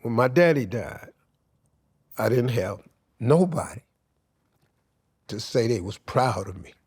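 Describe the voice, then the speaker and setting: A man's voice: mid-range voice, expressive, takes it slowly, a little mellow, slightly rough. A man, a podcast guest telling emotional, slangy stories. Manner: emotional storytelling, slangy and profane. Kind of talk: candid podcast conversation.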